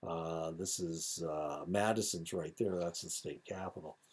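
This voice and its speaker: A man's voice: deep voice, steady tone, a little slow, slightly rough. A man in his seventies with an Indiana accent, giving a recorded lecture in a rambling, digressive way with many fillers and asides. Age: 70s.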